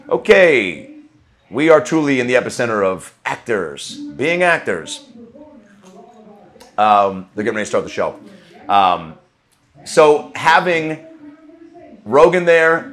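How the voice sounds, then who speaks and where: An earnest man reflects out loud as he hosts his own podcast, often restarting his sentences and swearing casually. His voice sits at an ordinary middle pitch for a man. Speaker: podcast host. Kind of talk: casual solo recap.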